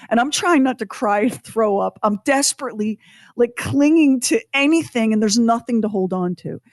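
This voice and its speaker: A woman co-hosting a podcast, telling a personal story in an animated, self-deprecating way with acted-out quotes. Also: medium pitch, normal speed, no room sound, studio quality. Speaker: podcast co-host.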